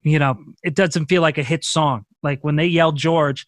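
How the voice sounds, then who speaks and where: A man's voice: fairly high pitch, moderate pace, no echo, studio quality. A man in his thirties, a stand-up comedian guest on a podcast, telling stories with swearing and acted-out quotes. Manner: animated storytelling with profanity and acted-out quotes. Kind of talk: casual podcast conversation.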